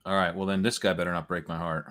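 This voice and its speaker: A man's voice: deep voice, level tone, fast, fairly bright tone. A man hosting a casual fantasy football live stream, thinking aloud about his picks and laughing easily. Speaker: fantasy football podcast host drafting live.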